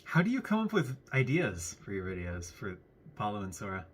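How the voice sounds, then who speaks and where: Curious man asking quick questions. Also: lowish voice, wildly swooping pitch, slight background noise. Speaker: interviewer, host. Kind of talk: casual interview chat.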